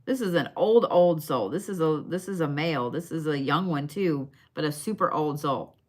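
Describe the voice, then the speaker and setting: A woman's voice: low voice, animated, normal speed, a little mellow. A woman giving bone readings on a live stream in a casual, chatty way, swearing now and then and talking straight to her viewers. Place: her shop.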